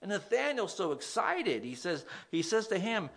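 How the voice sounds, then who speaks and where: A man delivers a sermon, his voice swinging freely up and down in pitch. He speaks conversationally and keeps turning to his listeners with questions. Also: normal speed, gravelly. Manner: animated, conversational, asks the audience questions. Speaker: preacher.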